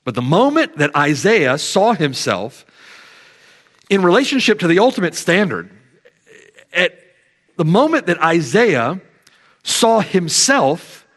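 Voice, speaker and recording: A man delivering a sermon in a voice pitched a little above most men's. He moves between low, hushed passages and bursts of loud emphasis, slowing down to stretch out important words. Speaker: preacher.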